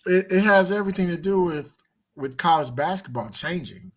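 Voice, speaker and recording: A middle-aged man co-hosting a casual sports chat on a video call, emphatic and animated. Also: sits high, normal speed. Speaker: co-host.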